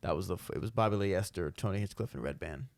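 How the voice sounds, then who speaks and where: A man's voice: sits low, quick pace, creaky, no echo. A man in his thirties hosting a casual podcast, loose and joking and swearing freely as he tells stories. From United States. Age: 30s. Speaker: podcast host.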